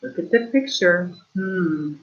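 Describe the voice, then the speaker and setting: A woman teaching a remote kindergarten reading lesson, reading slowly and with exaggerated stress, prompting the children with questions. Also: fairly low pitch, animated. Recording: dull lo-fi online class audio.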